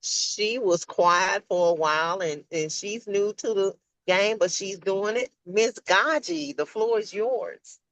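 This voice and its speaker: A woman cheers on her colleagues during a team video call, casual and upbeat. Her voice is mid-pitched and sounds dry and close, with no room echo. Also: takes it slowly, fairly bright tone. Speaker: team member on a sales call.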